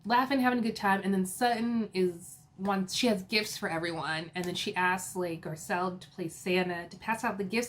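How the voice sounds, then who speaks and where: A woman's voice: mid-range voice, fairly even intonation, normal speed, few pauses. Chatty woman giggling through a TV recap. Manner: chatty, laughing, full of fillers and asides. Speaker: reality TV recap host. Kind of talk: casual episode recap.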